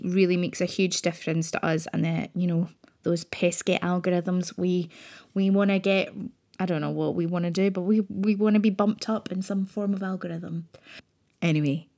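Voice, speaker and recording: A woman's voice: on the low side, warm tone. A woman hosting a podcast, chatting casually and telling stories in a rambling way. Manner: chatty, rambling, fond storytelling. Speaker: podcast host. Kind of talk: casual chat.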